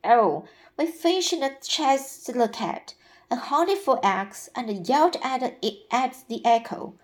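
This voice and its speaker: A woman reading aloud and voicing a lively, curious little boy who asks questions insistently. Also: sits high, slow, pitched above the performer's own voice. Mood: eager.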